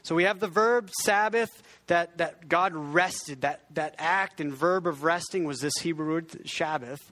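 A man's voice: a little high, measured pace, pushed and bright. A man preaching a conversational sermon as pastor, often restarting his sentences and joking about himself. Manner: conversational, self-deprecating, frequent restarts; has the congregation repeat words.

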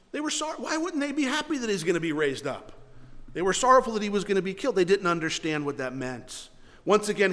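Man preaching, slightly high voice, earnest, loud then soft, long hall reverb. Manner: earnest preaching, swings from loud to quiet, ends in prayer. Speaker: pastor. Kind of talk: sermon.

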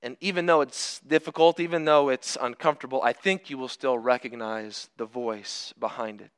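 A middle-aged man preaching a sermon, earnest, moving between hushed, drawn-out phrases and emphatic bursts. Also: mid-range voice, clear, resonant tone.

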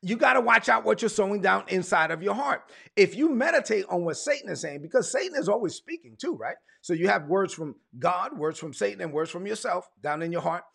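Emphatic preacher. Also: male voice, high voice, animated, creaky, a bit bright, husky. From Brooklyn, United States. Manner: repetitive, emphatic, stresses words by slowing down. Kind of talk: sermon.

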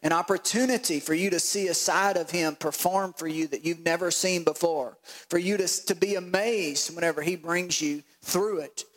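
A male pastor preaching a sermon, animated and acting out voices with laughs. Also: on the high side, moderate pace, poor audio.

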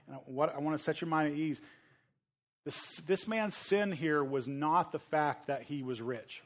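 A man from the United States preaching a sermon as a pastor, animated, acting out the voices of people in his story. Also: on the high side, fairly quick.

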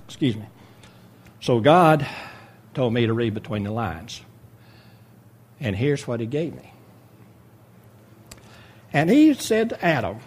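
A man's voice: medium pitch, sing-song, measured pace, long pauses, husky. A man preaching a sermon in a folksy, joking way, reading scripture and retelling the story with voices for each character.

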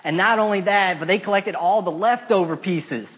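Animated, husky-voiced male preacher. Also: sits high, normal speed, highs cut off. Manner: animated storytelling, acting out the disciples' complaints; casual modern asides and repetition. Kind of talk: sermon retelling a Bible story.

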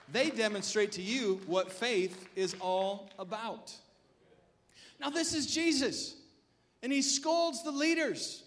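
A man's voice: sits high, animated, measured pace, fairly bright tone. A male pastor preaching a sermon, emphatic and exhorting his congregation.

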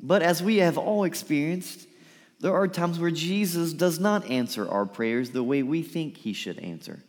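Lively preaching man in a hall. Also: fairly high pitch, normal speed. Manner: lively preaching, acts out pleading quotes softly. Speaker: pastor. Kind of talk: sermon. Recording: reverberant hall.

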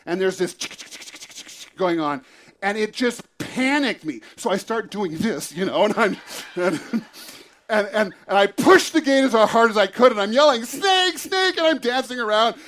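A man, a pastor, telling a lively personal story in a church sermon and acting out the scene. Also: high-pitched, a little slow.

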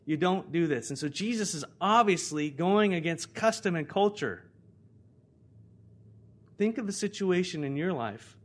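Conversational American male preacher, higher voice. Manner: conversational preaching, swinging between loud emphasis and hushed prayer. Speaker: pastor. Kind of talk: sermon.

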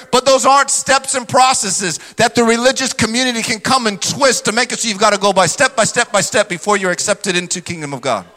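A man preaching with a bright, ringing tone that sits high for a male voice. He drives the sermon with energy and slips into mocking impressions of skeptics. His voice trails a long reverb, as if filling a large church hall. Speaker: pastor.

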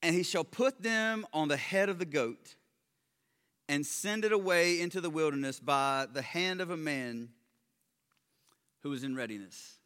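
A man preaching a sermon, swinging between loud emphatic stresses and quiet low asides, with joking remarks. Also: measured pace, long pauses, clear, resonant tone. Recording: long hall reverb.

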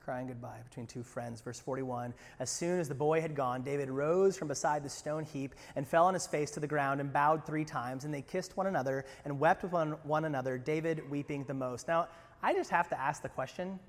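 Animated preaching man in a reverberant hall. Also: a little high, brisk. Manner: animated, conversational with asides. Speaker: pastor. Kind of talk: sermon.

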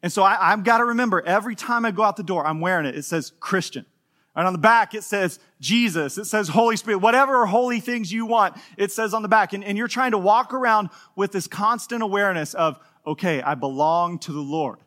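A middle-aged male pastor with a high, bright voice delivers a sermon to his congregation. He tells lively stories with a joking edge, swinging his pitch up when he acts out other characters. The tone is animated and conversational. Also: a little fast. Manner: animated storytelling with playful humor, acting out quotes. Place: church in front of a live congregation.

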